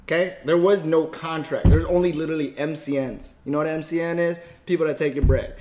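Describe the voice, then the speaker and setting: A man's voice: a little high, steady tone, quick pace, darkish tone, slight background noise. A man hosting a reaction video, casual and profane, talking back at the screen.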